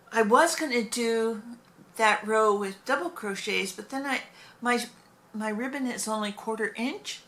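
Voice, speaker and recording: Woman, crochet vlogger, slow unhurried delivery, gravelly fry, rambling self-corrections. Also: on the high side, fairly bright tone. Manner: rambling, corrects herself mid-sentence. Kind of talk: casual show-and-tell chat.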